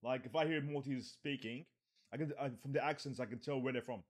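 A man's voice: medium pitch, fairly even intonation, fast talker. An Australian man co-hosting a podcast in casual chat, stammering and playfully indignant. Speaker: podcast co-host.

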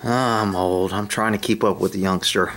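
A man's voice: low-pitched, fairly even intonation, normal speed, a bit bright, slight background noise, pitched below the performer's own voice. A man voicing a grumpy, stiff old male horse that grumbles and complains about being sore. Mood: weary.

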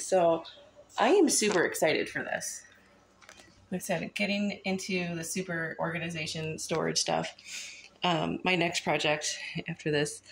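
A woman's voice: on the low side, creaky, a bit bright, a little hiss or hum. A woman chatting casually in her home kitchen, rambling as she shows off storage bins to a phone camera. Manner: chatty, rambling, says um and thingamajiggers. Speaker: home vlogger.

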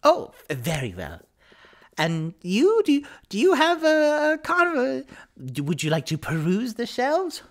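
Brief: man voicing a bubbly female dragon-folk bookseller, squeaky high and swooping, tabletop game. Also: huge pitch swings, unhurried, full character voice. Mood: eager. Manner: gushing, eager, politely flustered. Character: female bronze dragonborn sorcerer shopkeeper, short, stout, bubbly.

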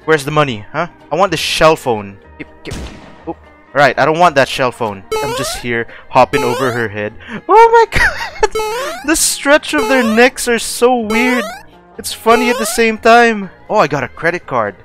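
A young man gives loose, excitable commentary on his game, laughing often and swearing freely. His fairly high voice swings up and down wildly as he reacts. Faint music plays underneath. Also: normal speed. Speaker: gaming streamer. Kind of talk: let's play commentary.

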